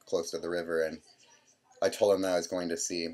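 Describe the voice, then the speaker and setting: Young man in his twenties, deep low voice, casual rambling storyteller, lots of quoted dialogue. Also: little pitch movement, a little fast, a little mellow. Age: 20s. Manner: rambling, full of "I'm like" quotes. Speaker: vlogger.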